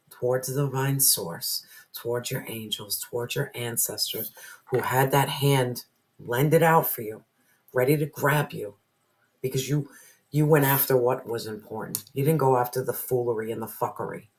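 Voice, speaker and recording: An intense tarot reader delivering a heartfelt spiritual reading. They hammer points home by repeating lines and sometimes sink into a whisper, with the odd curse word slipping out. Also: medium pitch. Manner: emphatic, repeats phrases, drops to whispers, swears.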